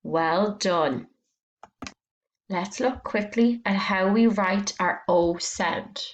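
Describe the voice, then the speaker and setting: A woman teaching a phonics lesson to young children, speaking slowly and clearly, stretching out sounds and encouraging them. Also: mid-range voice, echoey room, muffled recording.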